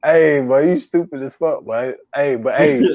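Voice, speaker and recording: A male co-host of a casual movie podcast chats in slang, laughs often, and acts out scenes using quoted voices. His medium-pitched voice is a little slow, in a dry recording with the highs cut off.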